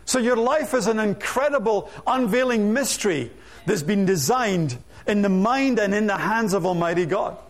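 High-pitched male preacher, energetic, asks rhetorical questions, jokes in his asides. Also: normal speed. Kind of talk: sermon.

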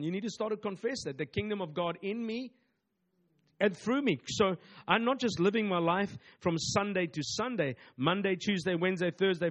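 Emphatic preacher man. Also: high-pitched. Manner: emphatic, repetitive preaching with call-and-response asides. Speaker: pastor. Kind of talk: sermon.

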